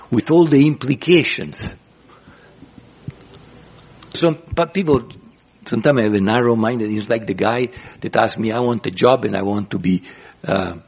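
A man's voice: fairly low pitch, lively intonation, moderate pace, creaky, darkish tone, husky. A man pastor teaching a sermon in an earnest, repetitive way, often restarting phrases.

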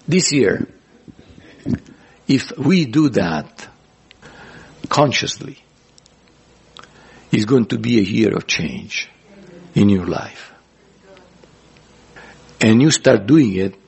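A man's voice: fairly low pitch, creaky, a little mellow, breathy edge. A man pastor teaching a sermon in an earnest, repetitive way, often restarting phrases.

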